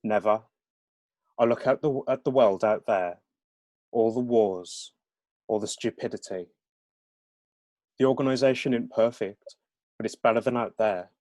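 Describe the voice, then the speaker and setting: A man's voice: on the low side, measured pace, pauses often, a little mellow, dry recording, natural voice. A man reading aloud from his novel, voicing an earnest nineteen-year-old lad with a Brummie accent.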